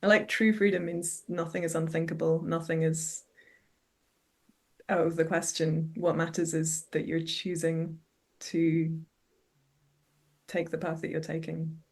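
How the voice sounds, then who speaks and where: Guest voice, mid-pitch, reflective and quick, easy laugh. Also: level tone, darkish tone. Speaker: podcast guest. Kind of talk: casual chat.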